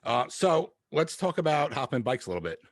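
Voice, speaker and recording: A man's voice: medium pitch, sing-song, brisk, no echo, studio quality. A man hosting a podcast, asking questions and chatting casually with his guest. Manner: easygoing, laughs along. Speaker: podcast host. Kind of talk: casual interview.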